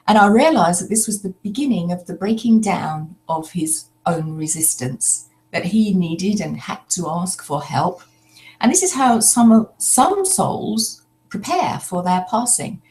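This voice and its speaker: An older woman telling a personal story in a slow, reflective way, pausing often as she speaks. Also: fairly low pitch, darkish tone. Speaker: spiritual speaker.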